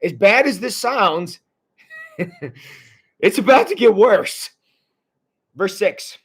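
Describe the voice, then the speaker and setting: High-voiced man leading a wry Bible study. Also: expressive, takes it slowly, long pauses. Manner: casual and wry, with frequent restarts and chuckles. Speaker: church Bible teacher.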